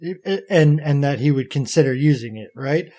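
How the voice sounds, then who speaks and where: A man's voice: fairly high pitch, lively intonation, normal speed, dark tone. A man hosting a podcast in casual chat, blunt, profane and teasing. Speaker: podcast host.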